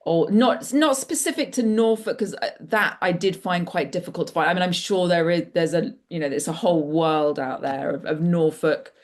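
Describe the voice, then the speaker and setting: A woman's voice: lowish voice, moderate pace, few pauses. A middle-aged woman author talking casually and enthusiastically at an online book launch, rambling with frequent restarts over a video call.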